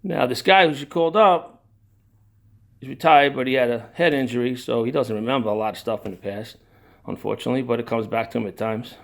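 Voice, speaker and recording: A man's voice: mid-range voice, fairly quick, gravelly. An older man telling a personal family story in a rambling, digressive way, with sighs, restarts and emotion. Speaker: narrator of his own family story.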